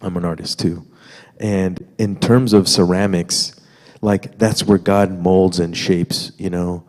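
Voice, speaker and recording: A man's voice: low-pitched, fairly even intonation, slow, darkish tone. A man sharing a testimony in a church, talking easily and conversationally to the congregation. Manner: easygoing, conversational, fillers and asides to the congregation. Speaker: guest speaker sharing testimony with wife. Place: church sanctuary. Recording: reverberant church sanctuary.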